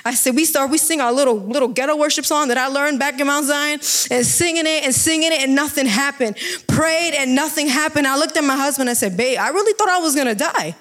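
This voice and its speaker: A woman giving an informal sermon with a personal testimony, talking in an excitable, emphatic, chatty way. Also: sits high, brisk. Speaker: devotional speaker.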